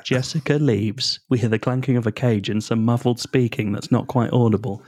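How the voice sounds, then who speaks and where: A man hosting a comedy podcast, talking quickly and playfully and laughing often. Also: medium pitch, fairly even intonation, a little mellow. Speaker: podcast host.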